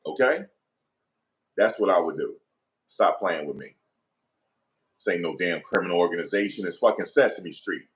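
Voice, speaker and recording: A man's voice: sits low, animated, normal speed, long pauses, a bit bright. A middle-aged man, giving heated opinion commentary in an emphatic, profane, repetitive rant.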